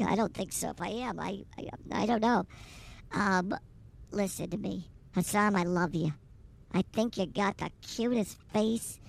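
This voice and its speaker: Man doing a middle-aged woman passenger, gravelly, brash, flirty, rambling, crude, comedy sketch. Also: high-pitched, exaggerated voice.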